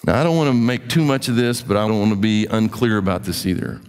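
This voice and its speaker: Guy preaching a sermon, animated and chatty, church hall reverb. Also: fairly low pitch, fast, clean tone. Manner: animated, conversational preaching with asides. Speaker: pastor.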